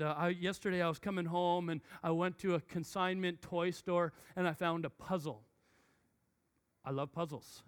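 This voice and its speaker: A pastor in his thirties with a high voice preaches a sermon, telling a family story full of animated restarts.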